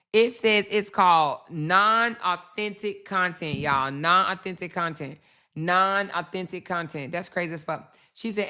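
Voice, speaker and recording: Woman ranting casually to her viewers, bright tone, cusses a lot and keeps repeating herself. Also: lowish voice. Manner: blunt, profane, repeats herself, asides to viewers. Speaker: channel host. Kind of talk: casual livestream commentary.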